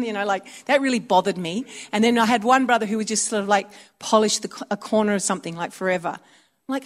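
A woman's voice: medium pitch, fast talker. A woman preaching a conversational sermon, telling stories and acting out little voices. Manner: chatty, storytelling, acts out voices.

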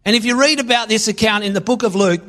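A man preaching a sermon, reading scripture aloud and acting out lines with sudden loud bursts. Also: high voice, fast. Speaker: pastor.

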